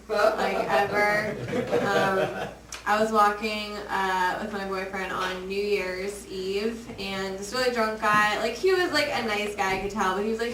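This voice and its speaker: A woman's voice: medium pitch, fairly even intonation, unhurried, noisy background. A woman telling a story at an open mic comedy night in a chatty, exasperated way. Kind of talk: stand-up comedy. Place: comedy club. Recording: echoey club from a distance.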